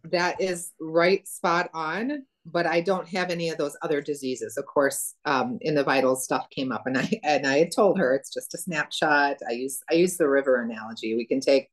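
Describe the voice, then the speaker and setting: A woman's voice: deep voice, normal speed, few pauses. A woman telling a client story in casual chat, acting out quotes with laughter. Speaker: practitioner sharing a client story.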